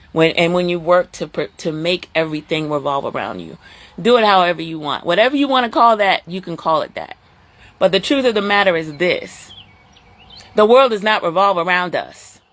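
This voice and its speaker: A middle-aged woman hosting a live stream, talking casually and chattily to her viewers, sometimes jumping up into a high squeal of surprise. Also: fairly bright tone, dry recording.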